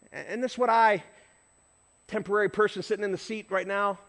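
High, bright-voiced animated man preaching. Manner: animated storyteller, acts out shouts and honks. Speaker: pastor. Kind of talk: sermon with storytelling.

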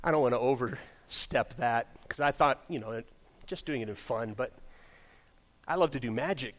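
A man preaching a sermon in a church. He reads scripture loudly and then drops into quiet, joking asides as he tells stories. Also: medium pitch, normal speed. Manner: animated storytelling, swings from loud scripture reading to quiet asides. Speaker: pastor. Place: church sanctuary.

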